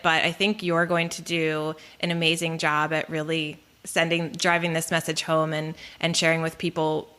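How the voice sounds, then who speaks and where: A woman hosts a podcast interview in a bright, clear voice. She frames her questions carefully and at length, and her pitch sits a bit low.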